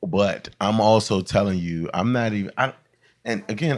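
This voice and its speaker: A man's voice: on the low side, moderate pace. A man hosting a podcast in casual conversation, blunt and plain-spoken.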